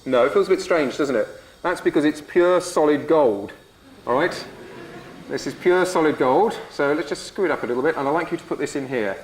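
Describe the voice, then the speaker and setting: Upbeat male science lecturer, higher voice. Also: fairly quick, slight background noise. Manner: upbeat, encouraging, addresses the audience. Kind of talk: live demonstration lecture. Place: lecture theatre with audience.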